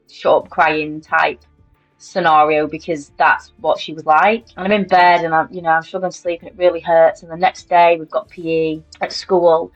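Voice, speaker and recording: A woman with a lowish voice talks candidly through her own story in an interview. Her delivery is chatty and full of fillers. The recording is dull and lo-fi, with faint music underneath.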